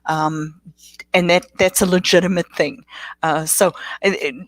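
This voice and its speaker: A woman from South Africa, whose first language is not English, speaking as a guest therapist on a video call, relaxed and full of fillers. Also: fairly low pitch, unhurried. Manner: relaxed, with frequent fillers and restarts. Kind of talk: casual interview chat.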